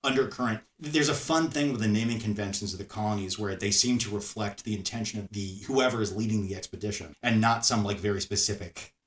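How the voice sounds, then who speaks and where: A man co-hosting a podcast, chatting casually in an animated way, laughing often and restarting his phrases. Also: on the low side, fast talker, few pauses, reverberant. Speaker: podcast co-host. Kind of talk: casual chat.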